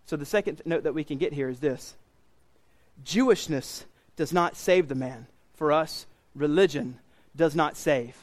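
A man's voice: fairly high pitch, a little slow. Brief: male pastor preaching in church, emphatic and earnest, driving points home by repetition. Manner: earnest, emphatic, repeats key phrases. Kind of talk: sermon.

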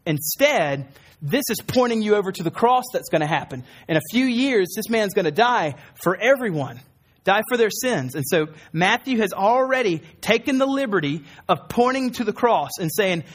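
A man preaching a sermon, earnest, repeating key phrases for emphasis. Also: sits high. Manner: acts out quoted voices in a raised tone. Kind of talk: sermon teaching.

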